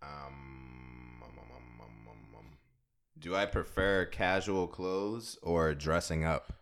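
A man's voice: extremely low pitch, steady tone, takes it slowly, creaky, a bit bright, smooth. A young man co-hosting a podcast in casual chat, laid-back and joking, laughing often. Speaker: podcast co-host.

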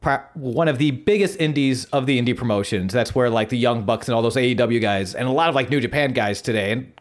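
A man from Buffalo, New York, talking casually as a podcast co-host. His voice sits at an ordinary middle pitch. He is excitable and jokey and swears freely. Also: fast talker. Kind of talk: casual chat.

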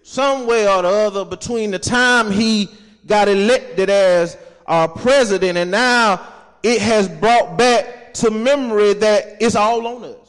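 Reading scripture in a church sanctuary, a pastor leads call-and-response preaching that builds to shouts as he urges the congregation to answer. He speaks a little slowly in a smooth voice that sits high, captured in a reverberant church hall.

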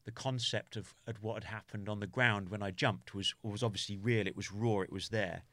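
A man from the United Kingdom, a podcast guest, describes a hard memory; his low voice is bright and forceful with a steady tone. Captured dry and close, the audio has no echo or room sound. He halts, restarts frequently, and keeps saying "you know" as he searches for words.

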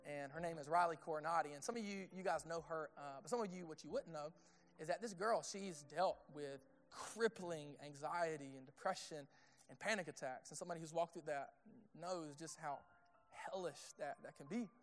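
A man preaching a sermon in a conversational way, asking the audience questions and dropping to a hushed tone on intimate points. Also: fairly high pitch, normal speed. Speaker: pastor.

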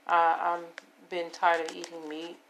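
A woman in her fifties with a hoarse voice, rambling and repeating herself as she talks to her viewers about taking care of herself. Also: fairly low pitch, monotone, a little slow, fairly bright tone, dull audio, a little hiss or hum. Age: 50s. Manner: rambling, repetitive, self-affirming. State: hoarse, voice giving out. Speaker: vlogger. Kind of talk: casual personal monologue.

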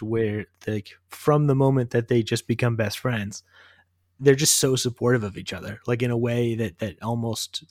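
Podcast host, a man with a mid-range voice and a relaxed, thoughtful manner, recorded close and dry. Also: medium pitch, dry recording. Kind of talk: casual movie podcast chat.

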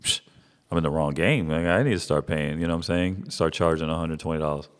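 Deep-voiced middle-aged man, laid-back and profane. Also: quick pace. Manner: laid-back, profane, with lots of "you know what I'm saying". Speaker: barber, guest. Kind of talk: casual storytelling chat. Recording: long reverb in the room.

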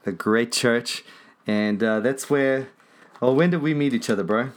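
A man's voice: mid-range voice, measured pace. A man hosting a podcast, chatting in an easygoing, talkative way and laughing easily. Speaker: podcast host. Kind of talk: casual chat.

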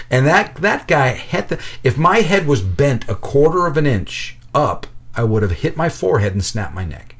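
A man telling a personal story in casual conversation, lively and animated, acting out the voices of the people in it, with frequent restarts. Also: mid-range voice, moderate pace, breathy edge.

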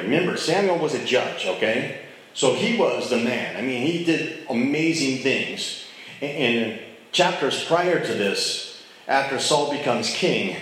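A man's voice: mid-range voice, fairly bright tone. Casual man teaching scripture, echoey room. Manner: conversational, checks in with listeners, acts out quotes. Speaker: Bible teacher. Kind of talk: casual Bible study teaching.

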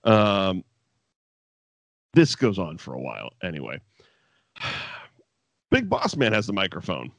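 A man recaps old wrestling shows in loose, swearing chat, laughing as he rambles. His pitch swings widely from low mutters to high yelps. The sound is dry and close. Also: wildly swooping pitch, slow, creaky, long pauses, no echo. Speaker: podcast co-host.

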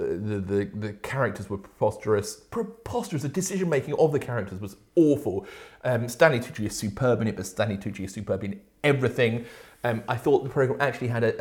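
A man from Britain co-hosting a podcast in casual chat, blunt and sweary, giving emphatic opinions. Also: mid-range voice. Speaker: podcast co-host.

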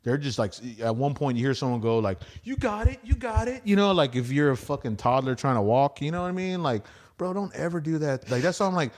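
A podcast host who does stand-up tells rambling, profane stories from the stage, acting out the quotes as he goes. He talks fast in a mid-range voice with a darkish tone.

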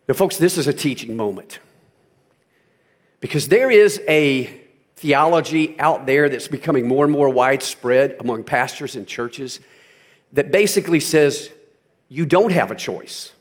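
A male pastor preaching a sermon, driving points home with emphatic repetition and rising to loud peaks. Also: medium pitch, expressive, unhurried.

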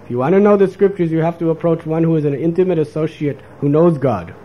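A man's voice: on the high side, fast, dull audio. A man giving a spiritual lecture, delivering it as a sermon and acting out the voices of the people he quotes. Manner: animated, acts out quoted voices. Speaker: spiritual teacher. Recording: faint background noise.

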